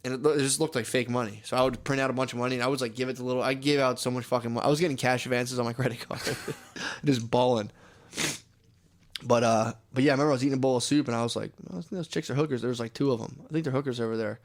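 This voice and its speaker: A man's voice: mid-range voice, fairly even intonation, very fast. A young man chatting crudely on a podcast, rambling through travel stories and putting on voices. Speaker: podcast co-host. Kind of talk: casual podcast chat.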